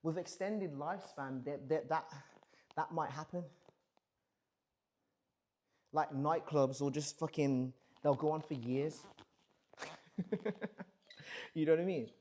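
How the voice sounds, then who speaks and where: Man in his thirties, livestream host, a touch high, swears freely while musing aloud. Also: slow pace, long pauses, mellow, a little hiss or hum. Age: 30s. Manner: profane, reflective, rambling. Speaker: streamer.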